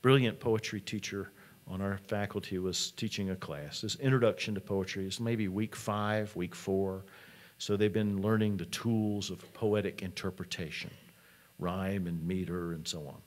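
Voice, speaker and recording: A man's voice: deep voice, fairly even intonation, normal speed. A man, a college president, giving a conference talk in a conversational storytelling manner.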